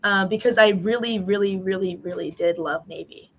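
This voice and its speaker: A woman's voice: mid-range voice, normal speed, fairly bright tone, a little hiss or hum, poor audio. A woman in her twenties, a former college swimmer, answering interview questions in a chatty way with many fillers.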